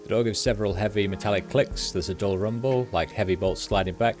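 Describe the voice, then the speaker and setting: A man streaming a game, reading its narration aloud in a steady, descriptive way. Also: on the low side, quick pace, faint music behind.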